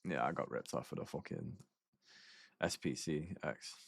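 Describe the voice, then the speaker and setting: A man's voice: a bass voice, big pitch swings, moderate pace, gravelly, breathy edge, no echo, clean studio sound. A man streaming a game, telling rambling stories in casual chat, swearing often and laughing between lines.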